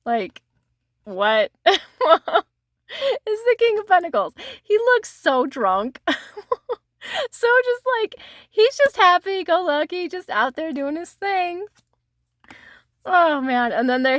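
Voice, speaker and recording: A woman talks in a loose, chatty way, laughing often between remarks. Her voice sits a little high and sounds bright and forceful. It is recorded dry, with almost no room sound. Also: no echo. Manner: giggly, laughs often while talking; chatty, many "like" fillers. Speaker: tarot vlogger. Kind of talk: casual show-and-tell chat.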